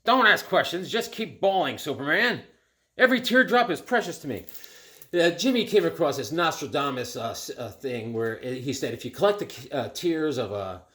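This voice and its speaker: A middle-aged man chatting casually and excitedly at home as he shows off his flea market comic finds. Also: medium pitch. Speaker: comic collector vlogger. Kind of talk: casual show-and-tell vlog.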